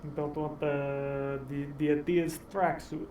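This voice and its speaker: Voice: medium pitch, flat delivery, a little slow, warm tone. A player in a tabletop game, making wry, teasing jokes and laughing often. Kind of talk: casual tabletop chat. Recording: echoey room, distant mic, background noise.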